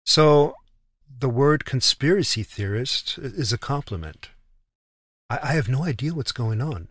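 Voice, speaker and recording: A man's voice: mid-range voice, lively intonation, moderate pace, dry recording, clean studio sound. A man telling a travel story in casual chat, indignant, often repeating and restarting words.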